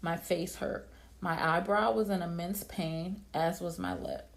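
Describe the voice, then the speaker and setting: A woman narrating a dramatic first-person story in a plain, steady way. Her voice sits on the low side. It has a creaky, vocal-fry texture throughout. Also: unhurried.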